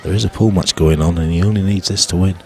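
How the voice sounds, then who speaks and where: Deep-voiced pool commentator, jokey and dry, casual live stream banter. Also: male voice, steady tone, fast, mellow. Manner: jokey, chuckling, dry British humour.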